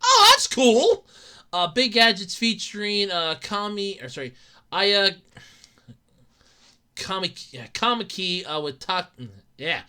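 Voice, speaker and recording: A podcast host ranting alone on a show, excitable and profane, laughing often and jumping between loud outbursts and mumbled asides. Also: medium pitch, measured pace, long pauses, clear, resonant tone. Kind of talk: solo podcast rant.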